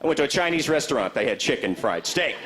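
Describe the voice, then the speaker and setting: A man doing a stand-up comedy set in a club, animated and slipping into high character voices. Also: fast talker. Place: comedy club stage with a laughing audience. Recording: live club recording with crowd and noise.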